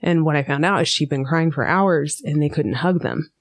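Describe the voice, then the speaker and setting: A woman being interviewed on a podcast, telling a personal story with lively energy and acting out the voices of people she quotes. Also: low voice, normal speed. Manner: animated storyteller who acts out quoted voices. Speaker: guest, school board member.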